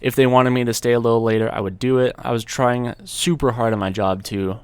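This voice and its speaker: Young man, storytime vlog, smooth lowish voice, dry close sound, laid-back with casual swearing. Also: steady tone, a little fast, darkish tone, no room sound. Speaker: YouTuber telling a story.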